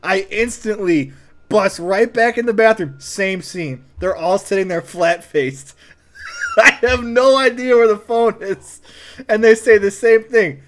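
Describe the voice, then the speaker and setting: Man, comedic storyteller, higher-pitched voice, animated delivery. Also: measured pace. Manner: animated, acts out quotes in a raised voice.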